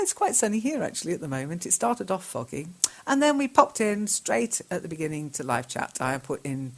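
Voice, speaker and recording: A woman hosting a learning show, reading out learners' chat messages and correcting them, often laughing. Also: on the low side. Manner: chatty, laughs often, dictates punctuation. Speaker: English teacher and show host.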